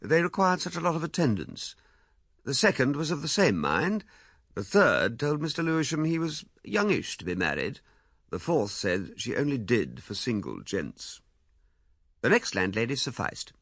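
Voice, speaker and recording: A man narrating a classic novel in a measured, expressive storytelling manner. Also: medium pitch, no echo, studio quality. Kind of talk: scripted audiobook narration.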